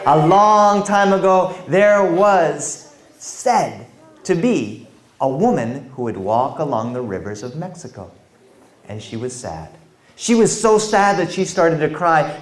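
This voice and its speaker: A man performing a story for children, dramatic and animated, addressing the audience directly, in an echoey room. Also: a little high, normal speed. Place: performance space with a young audience.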